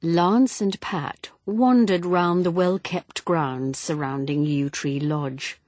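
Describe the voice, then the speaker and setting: A woman narrates a mystery novel in a husky, fairly low voice. Her reading is measured but expressive, with pitch that moves a lot. The recording is dry and close. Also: no room sound. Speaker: audiobook narrator.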